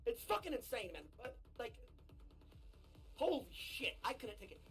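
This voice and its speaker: A man streaming a game, ranting brashly and with a lot of swearing, his voice husky and often breaking into shouts. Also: very high voice, big pitch swings, moderate pace, soft background music. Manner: brash, profane, swings into shouting rants. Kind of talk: ranting gaming stream talk.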